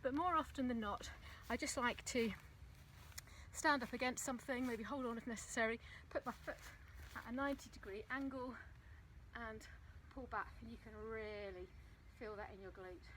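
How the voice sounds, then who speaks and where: A woman recording a casual fitness vlog outdoors on her phone, chatting practically while she demonstrates a running warm-up. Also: on the high side, moderate pace, a little hiss or hum, rough recording. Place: outdoors on a path. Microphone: phone propped on a ledge.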